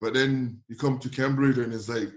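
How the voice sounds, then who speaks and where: A lively man with as his spins football stories in a casual interview. He laughs often, slips into voices for the people he quotes, and his pitch sits in an ordinary middle range. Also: normal speed. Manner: animated, laughing often, acting out others' voices. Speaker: former footballer guest.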